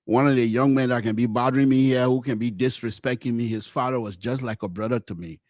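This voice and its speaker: A middle-aged man, hosting a podcast and telling a personal story with many restarts, swinging between loud exclamations and low murmurs. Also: steady tone, fast talker, dry recording, studio quality. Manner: frequent restarts and repeated words. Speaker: podcast host. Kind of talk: storytelling commentary.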